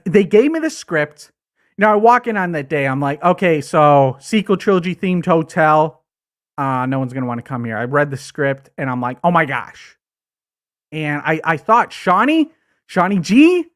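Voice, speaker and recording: A man's voice: sits high, fairly bright tone, full character voice. A man doing a coked-up fired actor, drawling. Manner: crude, rambling, stammering. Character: coked-up washed-up male commercial actor, bitter and crude. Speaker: livestream host. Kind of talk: comedic character rant.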